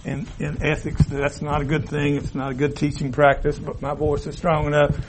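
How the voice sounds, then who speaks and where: A man's voice: on the high side, monotone, brisk, background noise. A man teaching an informal Bible class in a classroom, folksy and rambling with asides and restarts. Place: classroom with a board. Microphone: room mic, at times turned away.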